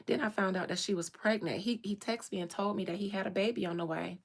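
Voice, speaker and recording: A woman's voice: mid-range voice, fairly even intonation, quick pace, husky. A woman, telling her own life story with strong feeling and repeating phrases for emphasis. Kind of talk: emotional personal storytelling.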